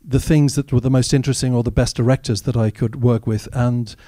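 A man's voice: mid-range voice, fairly even intonation, fairly quick, mellow, dry recording, studio quality. A man, an actor as guest, telling candid, wry anecdotes in a live audience Q&A at a cinema. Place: cinema stage after a screening.

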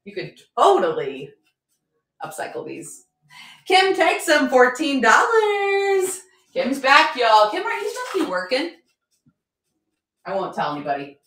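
A chatty, upbeat woman runs a live auction stream, her voice bright in pitch and bouncing all over the place. She jokes as she sells, and the room around her rings with a noticeable echo. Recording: roomy echo.

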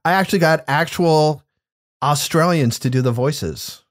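Easygoing male panelist, unhurried and halting, dry room. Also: a little high, no echo. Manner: halting, mild, hesitant. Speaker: podcast panelist. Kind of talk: casual chat.

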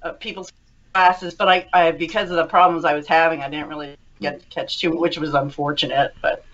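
A woman's voice: low-pitched, steady tone, a little fast, fairly bright tone, slight background noise. A woman guest in a casual podcast chat, gushing and laughing often. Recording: dull lo-fi call audio.

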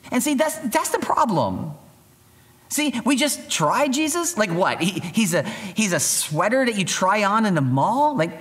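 A pastor gives a youth sermon in a lively, conversational manner, acting out the voices of the people in his story. He has a high voice and speaks at normal speed.

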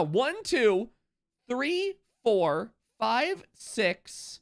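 A man streaming a video game live, thinking out loud and repeating himself, with sudden excited outbursts. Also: high-pitched, takes it slowly. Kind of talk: live gameplay commentary.

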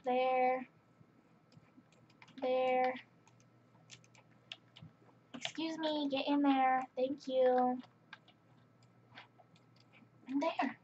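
High-voiced woman commenting on a game. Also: little pitch movement, extremely slow, pauses often, darkish tone, slight background noise. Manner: chatty, exasperated running commentary. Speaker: gaming channel host. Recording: dull lo-fi mic with faint keyboard clicks.

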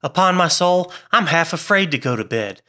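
A man's voice: a little high, animated, moderate pace, sharp tone, voice pushed up. A man voicing a stout, blustering traveling salesman with a brusque, hearty manner.

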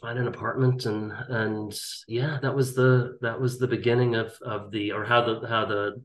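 A middle-aged man, a guest telling animated anecdotes in a casual interview over a video call. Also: mid-range voice, normal speed, roomy sound, poor audio. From Ireland.

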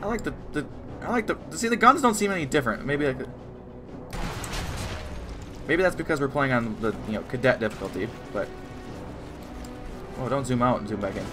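A man's voice: medium pitch, expressive, fairly quick, long pauses, music in the background. A man hosting a game playthrough, chatting casually and bantering playfully with his co-player. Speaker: let's play host. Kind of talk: casual gameplay chat.

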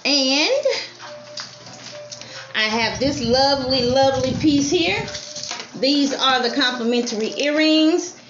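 Slow-talking woman selling jewelry live. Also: sits high. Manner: repeats item numbers, fond praise of each piece. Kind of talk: live sales stream. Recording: roomy lo-fi stream with faint music.

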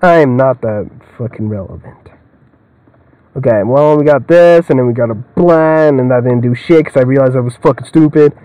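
A man's voice: medium pitch, normal speed, mellow, dry recording, low-quality recording. A young man giving rambling, joking let's-play commentary, swearing a lot and laughing often. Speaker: gamer.

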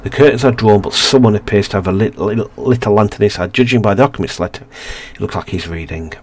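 A man's voice: lowish voice, fast talker, a little mellow. A man hosting a let's play, reading a narrative game's story aloud with frequent stumbles and restarts.

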